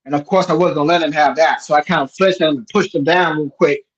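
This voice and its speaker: Man, fairly high voice, rambling and animated storyteller, dull lo-fi sound. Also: fast. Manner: rambling, animated, many restarts. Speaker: host. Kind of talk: casual storytelling chat.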